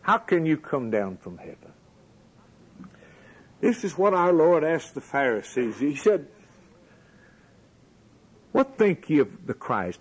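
A man's voice: a little high, sing-song, slow, pauses often, breathy edge, rough recording. A man preaching a sermon, building his points with rhetorical questions and a rising, emphatic cadence.

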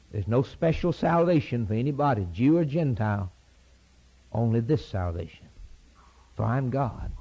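Preacher guy giving a sermon, goes loud and high then drops way low, repeats lines in rhythm, muffled lo-fi tape. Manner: impassioned, rising to shouted peaks then dropping low; repetitive, rhythmic preaching cadence.

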